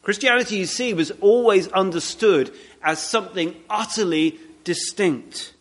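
A man with a high-pitched voice preaches a sermon to his congregation. He talks conversationally, often restarting his sentences and throwing in asides. On his key points he slows right down and leans on the words. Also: fairly bright tone. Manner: emphatic, slowing down on key points.

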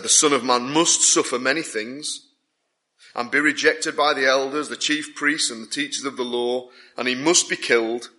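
With a sharp tone and medium pitch, a man delivers a sermon, repeating phrases emphatically so each point builds to greater intensity.

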